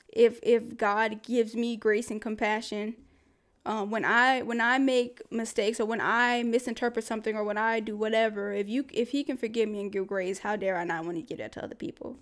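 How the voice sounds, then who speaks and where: Chatty woman podcaster, smooth voice. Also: on the high side. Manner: chatty and candid, with frequent fillers and laughs. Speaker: podcast host. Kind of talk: casual solo podcast advice talk.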